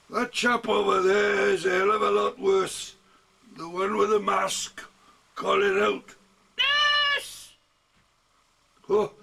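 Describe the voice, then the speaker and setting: A man's voice: high-pitched, vocal fry, sharp tone, husky, distant mic. An older man reciting his own comic poetry at home, delivering it wryly, with chuckles and asides. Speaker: amateur poet.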